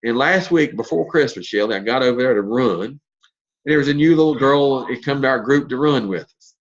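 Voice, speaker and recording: A man's voice: mid-range voice, brisk, lo-fi sound. A man in his fifties giving a motivational talk as a network marketing leader, telling stories in a blunt, folksy way with mild cursing. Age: 50s.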